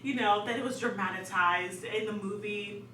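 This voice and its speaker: A young woman telling a story in a casual, animated way, laughing often and dramatizing events. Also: medium pitch, normal speed. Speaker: vlogger. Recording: echoey room, distant mic, faint hum.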